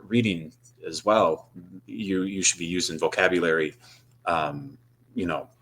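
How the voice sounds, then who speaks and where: A deep-voiced man speaking as a guest in a casual interview. He talks thoughtfully, searching for words with frequent "uh" and "um". His tone stays relaxed and conversational. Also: a little slow, a little hiss or hum. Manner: thoughtful, with many fillers such as "uh" and "um". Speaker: guest, high school English teacher.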